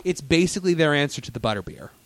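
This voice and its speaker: A man's voice: fairly high pitch, animated, racing, a bit bright, no echo. A man hosting a casual theme-park chat, telling stories eagerly with many fillers and restarts. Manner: enthusiastic storyteller, lots of fillers and restarts.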